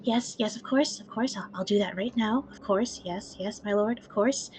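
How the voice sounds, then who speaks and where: A woman's voice: a little high, flat delivery, normal speed, a bit bright, a little hiss or hum, close to an everyday voice. A woman playing a meek, stammering servant. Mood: servile. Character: meek, nervous servant eager to obey.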